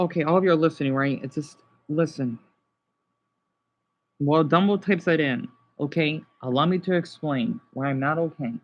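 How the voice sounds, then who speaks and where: A man's voice: fairly high pitch, lo-fi sound. A young man livestreaming to his viewers, distraught and exhausted, swearing and repeating himself as he talks unscripted. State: exhausted and upset. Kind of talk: unscripted live stream talk.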